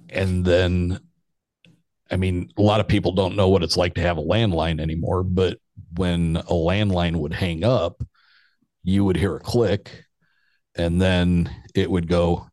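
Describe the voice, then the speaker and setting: A man's voice: sits low, fairly even intonation, slow, long pauses, a little mellow, no room sound, clean studio sound. A man in his fifties, a podcast guest, telling a rambling story in casual chat and chuckling as he goes.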